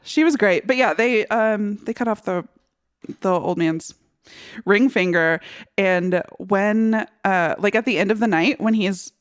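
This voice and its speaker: A woman's voice: medium pitch, a little slow. A woman co-hosting a podcast, chatting casually about a film and acting out scenes with lots of laughter. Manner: animated retelling, acts out lines, laughs often. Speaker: podcast co-host. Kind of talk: casual movie chat.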